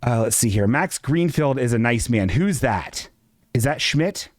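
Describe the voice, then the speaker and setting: A man's voice: medium pitch, lively intonation, a little slow, no room sound, studio quality. A man hosting a casual livestream chat, rambling, profane and self-mocking as he reads comments. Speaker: live show host.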